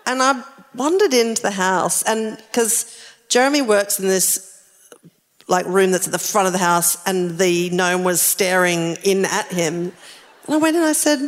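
A woman's voice: medium pitch, normal speed, long reverb tail. A middle-aged woman telling a funny story in casual chat, laughing often. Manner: laughing, animated anecdote telling. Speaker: podcast co-host. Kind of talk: casual storytelling chat before a live audience.

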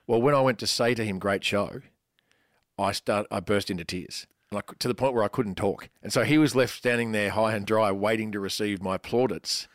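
A man's voice: on the low side, moderate pace, no room sound, clean studio sound. A man co-hosting a chat show, talking expressively and rambling with self-mocking humour. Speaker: podcast co-host. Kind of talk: casual chat.

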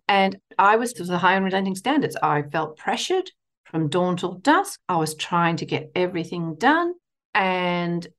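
A middle-aged woman, a counsellor and guest telling a personal story in an animated way, often laughing. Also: lowish voice. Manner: animated, laughing storyteller, acting out inner voices. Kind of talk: storytelling interview chat.

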